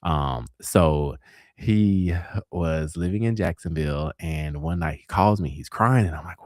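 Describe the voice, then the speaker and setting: A man's voice: deep voice, moderate pace, no echo, studio quality. A man in his forties hosting a talk show, telling dating stories in a casual, sassy way and acting out the dialogue. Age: 40s. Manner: animated, acts out dialogue with sass. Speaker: host. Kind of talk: casual storytelling.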